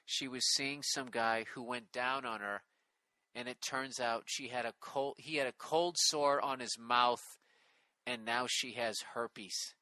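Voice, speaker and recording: A man's voice: mid-range voice, fairly even intonation, measured pace, bright, forceful tone, dry recording. A middle-aged man hosting a casual comedy podcast, reading a listener email aloud with sarcastic, profane commentary.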